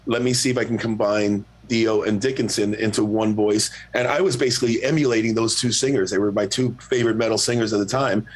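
Laid-back lower-voiced man telling stories. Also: fairly quick, few pauses. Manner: relaxed, profane, self-mocking. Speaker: guest singer. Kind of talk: casual storytelling.

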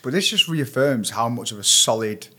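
A man's voice: medium pitch, lively intonation, moderate pace, sharp tone, husky. A man hosting a podcast, asking eager, enthusiastic questions. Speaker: podcast host. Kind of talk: podcast interview.

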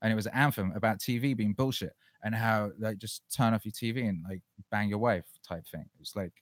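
A man's voice: on the low side, fairly quick, dry recording. A man hosting a casual livestream Q&A, talking in a profane, fired-up ranting way. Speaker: livestream host.

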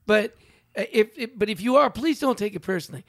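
A man co-hosting a comedy podcast, joking around and chiming in with quick agreement. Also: high-pitched, animated, no room sound, studio quality. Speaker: podcast co-host. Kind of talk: casual comedy chat.

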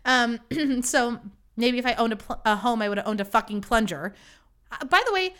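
A woman's voice: fairly high pitch, fairly bright tone, smooth. A young woman hosting her own podcast, telling a story in a chatty, self-deprecating way and swearing freely. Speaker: podcast host. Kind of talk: casual storytelling monologue.

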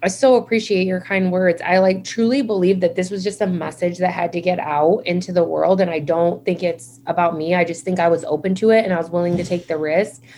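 A chatty woman speaks in a slightly low voice, filling her stories with "like" and playing out how she reacted at the time. Faint room noise sits under her voice on a video call. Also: fairly even intonation, brisk, few pauses, warm tone. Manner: chatty storyteller, many "like"s, acts out her own past reactions. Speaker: nurse and founder of a nurse community, guest. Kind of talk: casual interview conversation.

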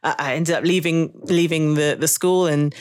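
A woman's voice: low voice, steady tone, moderate pace. Reflective woman telling stories. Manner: warm, reflective storytelling with frequent laughs. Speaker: podcast guest, jazz saxophonist. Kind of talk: conversational interview.

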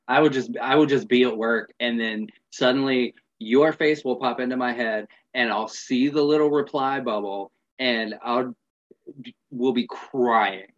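Host, casual chat, slow, laughing along, muffled lo-fi audio. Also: medium pitch. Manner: amused, laughing listener. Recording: dull lo-fi sound.

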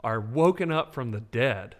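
Animated preaching man. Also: medium pitch, unhurried. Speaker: podcast co-host. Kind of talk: faith podcast discussion.

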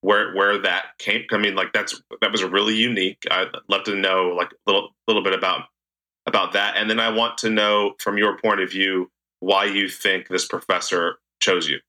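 A man hosting an interview, asking loose, halting follow-up questions with lots of fillers. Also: sits low, level tone, bright, forceful tone. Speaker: host.

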